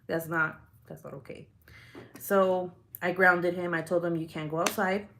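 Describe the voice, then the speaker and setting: A young woman vlogger tells a story straight to her viewers in a fired-up, profane way. Her voice sits a little low for a woman, and she keeps reaching for "like" between phrases. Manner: heated, profane retelling with many "like" fillers. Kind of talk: casual storytelling to camera.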